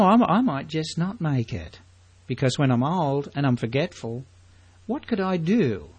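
A man's voice: medium pitch, darkish tone. A man preaching a sermon, emphatic and full of rhetorical questions to his congregation.

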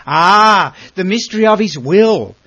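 A man's voice: high-pitched, animated, unhurried, sharp tone, no room sound. Emphatic man teaching a Bible lesson. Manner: earnest, emphatic, asks rhetorical questions.

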